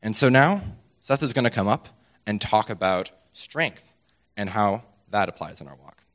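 A man's voice: on the low side, animated, normal speed, a bit bright, slight background noise. A man giving a short, earnest devotional talk and introducing the next speaker. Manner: earnest and enthusiastic. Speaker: lay speaker introducing the preacher.

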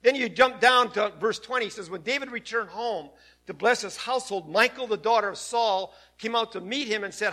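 A man preaching a sermon to his church, swinging from hushed lines to loud, emphatic ones. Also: high-pitched, brisk. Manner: preaching with sudden swings between loud and soft. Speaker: pastor.

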